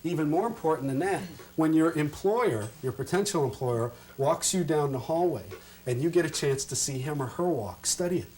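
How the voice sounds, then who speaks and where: A man leading an interview skills workshop, talking in a lively, interactive way and acting out examples with his audience. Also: fairly high pitch, normal speed, slight background noise. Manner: lively and interactive, checks in with "okay?" constantly; folksy and animated, acts out examples. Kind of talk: live workshop talk with role-play demonstrations.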